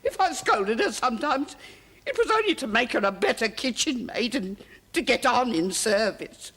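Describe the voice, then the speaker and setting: An actress playing a strict middle-aged cook in a great house, speaking in a husky, halting voice. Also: female voice, a little high, big pitch swings, fairly bright tone, full character voice. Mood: grieving. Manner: defensive then grieving, broken speech. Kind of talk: period television drama.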